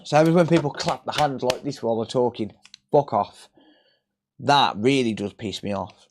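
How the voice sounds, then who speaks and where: A man's voice: mid-range voice, normal speed, slight background noise. A man chatting casually on a live repair stream, blunt and sweary, joking and ranting as he works. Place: repair workbench.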